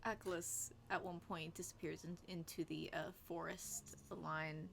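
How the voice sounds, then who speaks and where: A woman narrating as game master of a tabletop game, lively and often dropping to soft narration. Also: lowish voice, measured pace, gravelly, a little hiss or hum.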